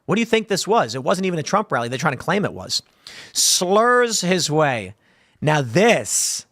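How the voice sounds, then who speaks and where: Man, 30s, news commentator, sarcastic, animated pitch, dry close sound. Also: no echo. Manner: animated, combative, sarcastic asides to critics.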